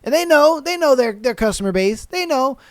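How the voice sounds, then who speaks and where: Slangy laughing podcast host reading stories. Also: male voice, very high voice, animated, no room sound, studio quality. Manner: laughs often, slangy and profane, mimics people in quick voices. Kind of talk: casual podcast commentary.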